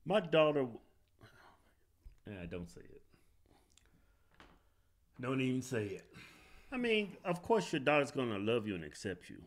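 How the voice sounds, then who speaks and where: A man's voice: medium pitch, sing-song, measured pace, pauses often. A man casually commenting on a clip as co-host, blunt and joking, often mocking.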